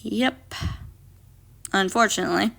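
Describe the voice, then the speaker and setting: Bright, blunt woman on a phone livestream. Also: mid-range voice, a little slow, vocal fry. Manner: blunt, profane, reads viewer comments aloud and talks back. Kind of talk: casual livestream chat.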